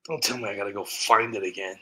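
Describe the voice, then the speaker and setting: A man hosting a comedy channel, ranting in sarcastic commentary with stammering restarts and sudden shouted outbursts. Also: fairly low pitch, steady tone, fast talker.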